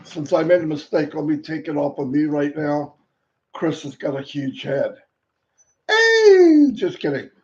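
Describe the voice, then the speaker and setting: A man hosting a live stream, greeting viewers one by one with playful, sing-song shout-outs and little rhymes. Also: fairly high pitch, fairly even intonation, moderate pace. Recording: dull lo-fi stream audio.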